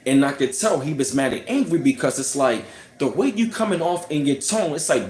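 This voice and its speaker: A man's voice: fairly high pitch, sing-song, a little fast, darkish tone. A man telling a personal story in a casual, heated rant, scornful and full of "you know what I'm saying". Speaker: channel host. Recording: roomy echo.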